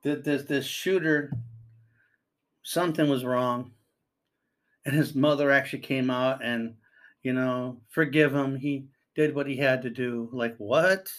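An older man talks in a loose, rambling way, stopping to read items aloud and then react to them. His voice sits at an ordinary middle pitch. He sounds earnest and fatherly, like someone giving parents advice. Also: fairly even intonation, a little slow, a bit bright. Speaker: commentator. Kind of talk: casual spoken commentary.

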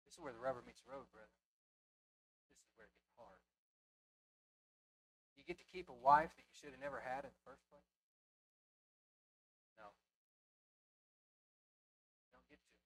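A male preacher giving a sermon to a live congregation, swinging between hushed asides and loud emphasis and firing rhetorical questions at the listeners. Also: mid-range voice, vocal fry, slight background noise. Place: church before a live congregation.

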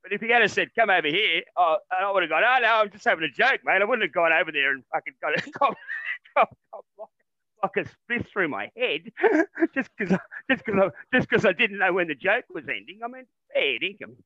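An Australian man co-hosting a satirical podcast, rambling and animated, swearing freely in casual banter. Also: high voice, brisk, dry recording, lo-fi sound. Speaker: podcast co-host.

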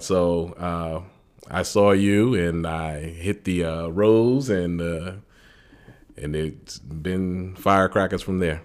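Deep-voiced new guy in his 50s, slow, lots of uhs, chuckles, podcast from his dining room. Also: steady tone. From New York. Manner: hesitant, many uhs, chuckling. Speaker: podcast co-host. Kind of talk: casual podcast chat.

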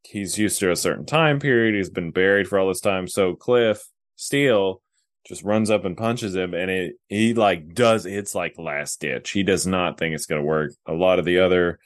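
Deep-voiced laid-back man, dry sound. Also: moderate pace, dry recording. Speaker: podcast co-host. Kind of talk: casual chat.

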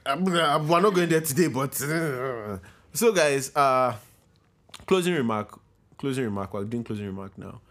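A young Nigerian man with a Nigerian accent hosting a casual podcast, playful and quick to laugh. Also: mid-range voice. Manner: lively, playful, laughs often. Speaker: podcast host.

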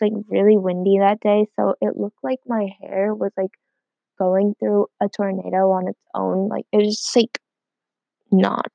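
A woman's voice: medium pitch, vocal fry, dry recording, highs cut off. A teenage girl hosting a casual solo podcast from home, rambling and filling every gap with "like". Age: teens. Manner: rambling, heavy use of "like". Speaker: podcast host.

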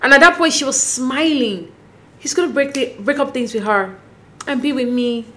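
A woman casually recapping a reality dating show, acting out the cast's lines with lively, opinionated commentary. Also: high voice, normal speed. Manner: animated, acts out quotes, opinionated. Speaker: recap host.

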